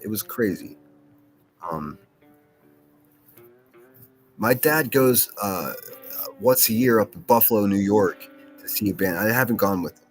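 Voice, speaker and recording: A man hosting a solo podcast, rambling casually with lots of swearing, fillers and restarts. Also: fairly low pitch. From Pittsburgh, USA.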